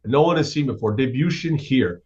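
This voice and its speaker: A man guest co-hosting a podcast in casual chat, telling stories excitedly with plenty of swearing. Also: mid-range voice, brisk, lo-fi sound. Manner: excitable, swearing, lively storytelling. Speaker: guest co-host.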